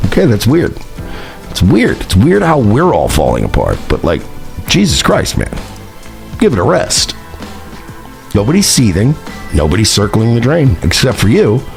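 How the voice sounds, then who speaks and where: A man's voice: fairly low pitch, huge pitch swings, moderate pace, vocal fry, pauses often, faint music behind. A man hosting his own online show, delivering a profane, mocking rant at a rival, taunting and sarcastic. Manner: sarcastic, taunting, swings between shouting and muttering.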